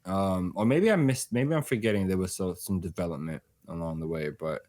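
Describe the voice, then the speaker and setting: A man co-hosting a casual podcast, giving his take in loose, slangy banter. His voice sits a little low, and he talks with easy laughs and restarts. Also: brisk, a little mellow. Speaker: podcast co-host.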